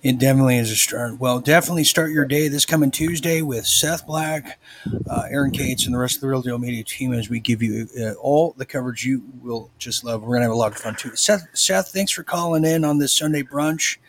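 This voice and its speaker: A man's voice: medium pitch, fairly quick, a little hiss or hum, low-quality recording. A man hosting a casual live stream, chatting and reading out viewer comments. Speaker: show host.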